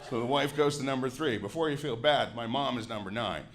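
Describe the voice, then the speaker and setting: A Canadian comedian in his forties, with a medium-pitched voice and fairly quick delivery, performs a grouchy, sardonic stand-up set full of swearing. He's on a club stage speaking into a handheld mic.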